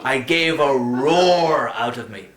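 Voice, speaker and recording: Lively male storyteller. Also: medium pitch, takes it slowly, a crowd in the background. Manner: wry, animated first-person telling. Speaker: reader. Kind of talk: storytelling narration. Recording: roomy echo.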